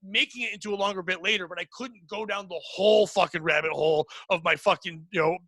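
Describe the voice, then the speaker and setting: A man hosting a podcast, talking shop about comedy in a casual, profane, animated way. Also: high voice, fast talker, no room sound. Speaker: podcast host. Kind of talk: casual chat.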